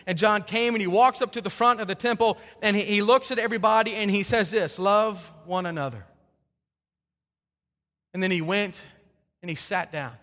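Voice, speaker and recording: A man with a high, bright voice delivers a sermon, chatty and full of restarts and repeated words. He slips into quoted voices as he tells the story. His voice rings through a large reverberant hall. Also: normal speed. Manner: acts out quoted speakers in dialogue. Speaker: pastor.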